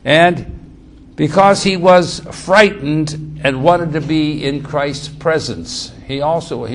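A male preacher teaching from scripture in a fairly high voice. He speaks emphatically, repeats himself and restarts phrases as he explains. A faint hiss sits under the recording. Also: takes it slowly. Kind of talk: sermon, Bible teaching.

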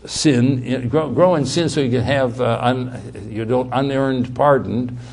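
Delivering a sermon at a measured pace, this medium-pitched man hammers home key words by repeating them and often restarts his sentences. His delivery alternates between loud, emphatic stretches and quiet asides.

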